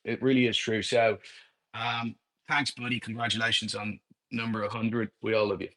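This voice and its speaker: A man's voice: fairly low pitch, flat delivery, normal speed. A man on a podcast, a game builder, speaking hesitantly with many fillers. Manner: hesitant, warm, full of fillers. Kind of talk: casual chat.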